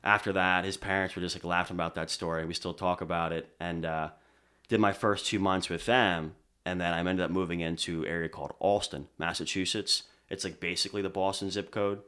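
A young man from Pennsylvania, a DJ guest on a podcast, telling stories in relaxed casual chat, full of fillers. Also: low voice, brisk, smooth. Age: young adult. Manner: relaxed storyteller, many fillers like "like". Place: podcast studio.

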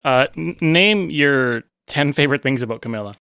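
A man's voice: fairly high pitch, moderate pace, creaky, bright, forceful tone, clean tone. A man hosting a live comedy stream, joking in a wry, dry way.

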